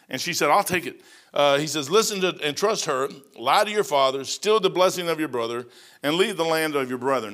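A middle-aged male pastor preaching a sermon in a folksy storytelling way, acting out quotes loudly. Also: a little high.

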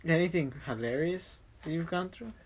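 A man's voice: fairly high pitch, normal speed, husky, low-quality recording. A man co-hosting a casual chat, throwing in short prompting questions.

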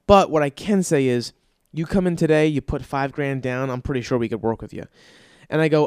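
A man telling a comic story with an animated, profane, ranting delivery. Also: medium pitch, quick pace, smooth, no room sound, studio quality.

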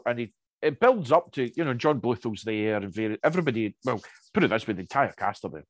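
A man chatting casually and telling anecdotes, lively, with many restarts and asides. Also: medium pitch, quick pace, no room sound. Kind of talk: casual chat.

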